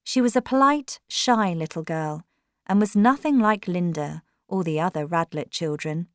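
A woman narrating an audiobook in a measured, expressive way. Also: on the low side, no room sound, clean studio sound. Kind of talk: audiobook reading.

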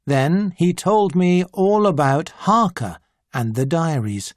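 An audiobook narrator reading a simplified classic story in a clear, deliberate way. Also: mid-range voice, expressive, dry recording, studio quality.

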